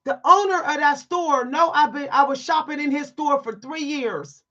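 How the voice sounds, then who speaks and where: Speaking at normal speed in a high-pitched, fairly bright voice, the vlogger delivers a candid storytime monologue to her viewers. She's blunt and preachy, stressing words emphatically, and the audio is dull.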